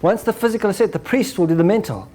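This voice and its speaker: Guy giving a talk, keeps saying right?, acts stuff out, kinda high voice. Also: fast. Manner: animated, acts out examples, ends points with "right?". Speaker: speaker. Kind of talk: lecture to an audience.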